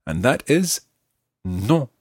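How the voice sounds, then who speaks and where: A man teaching a language lesson, patiently and clearly modelling words slowly for listeners to repeat. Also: medium pitch, sing-song, dry recording, studio quality.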